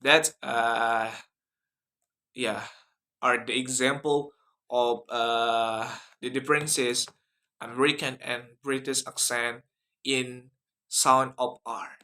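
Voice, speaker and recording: A man's voice: medium pitch, slow pace, long pauses, sharp tone. A young man giving a class video presentation, hesitant, with many fillers and restarts. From Indonesia. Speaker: student presenter.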